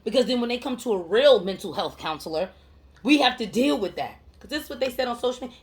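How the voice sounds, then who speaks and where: Woman counselor, higher voice, emphatic street-slang monologue, hammers lines by repeating them. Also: animated, fast talker, slight background noise. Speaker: mental health counselor. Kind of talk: heartfelt motivational monologue to camera.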